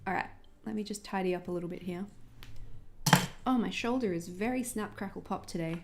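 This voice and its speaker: Australian woman, young adult, casual livestream host, chatty and bubbly, mid-pitched voice. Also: a little fast, very noisy. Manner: chatty, bubbly, talks to chat viewers.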